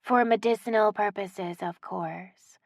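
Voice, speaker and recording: A woman's voice: medium pitch, takes it slowly, dry recording, studio quality. A woman voicing a sly older herbalist woman who talks in a sing-song way.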